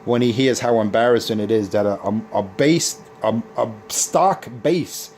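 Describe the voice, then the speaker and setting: A man's voice: mid-range voice, animated, measured pace, a little mellow, slight background noise. A man on a CB radio taunting rival operators in a boastful, repetitive way. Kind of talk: trash-talking radio banter.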